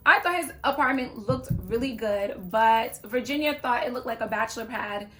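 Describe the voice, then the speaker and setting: Chatty woman vlogger, slightly high voice. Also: normal speed, fairly bright tone. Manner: chatty and opinionated, with playful asides. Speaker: YouTuber reviewing a reality show. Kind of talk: casual reaction vlog.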